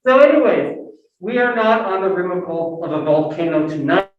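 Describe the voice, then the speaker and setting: Chatty higher-voiced man, echoey distant room. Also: expressive, fast talker, muffled recording. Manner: chatty, rambling, with restarts. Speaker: reading series host. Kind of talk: casual introduction with an anecdote. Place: arts center event room, in person and on video call.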